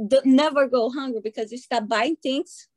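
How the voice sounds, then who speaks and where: Lively excitable woman. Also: high-pitched, moderate pace, no room sound. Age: middle-aged. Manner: excitable, animated storytelling with acted-out quotes. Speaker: coaching client. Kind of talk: casual interview chat.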